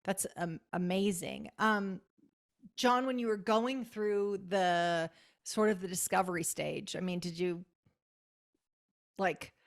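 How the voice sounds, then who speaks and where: A woman hosting a podcast interview, affirming her guest and asking gentle follow-up questions. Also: lowish voice, takes it slowly, creaky, long pauses. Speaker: podcast host.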